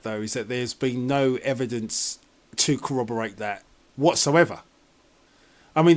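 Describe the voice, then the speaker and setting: Slow-talking sarcastic man reacting to a trailer. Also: mid-range voice. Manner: sarcastic, rambling, exasperated. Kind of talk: casual reaction commentary.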